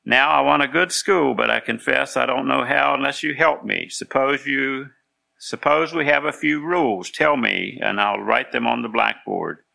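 A preacher voicing a calm, firm young schoolteacher in a sermon story, with a gentle, reasoning tone. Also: male voice, medium pitch, moderate pace, gravelly, pitched above the performer's own voice. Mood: firm, kindly.

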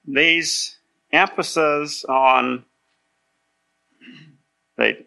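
A man's voice: medium pitch, creaky, bright, forceful tone. A man preaching a sermon in a conversational way, patiently explaining and checking that his listeners follow. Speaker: pastor.

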